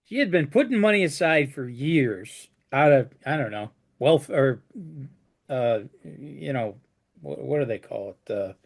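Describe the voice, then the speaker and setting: A man's voice: mid-range voice, animated, a little slow, creaky. A man who works as a flooring contractor, telling job stories in a casual chat and restarting his sentences often. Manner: storytelling with frequent restarts.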